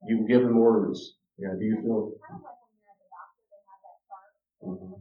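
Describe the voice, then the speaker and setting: A man's voice: on the low side, big pitch swings, moderate pace, gravelly. A man giving a teaching talk on parenting, emphatic and direct, repeating key words to his listeners. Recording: roomy, distant, dull lo-fi sound.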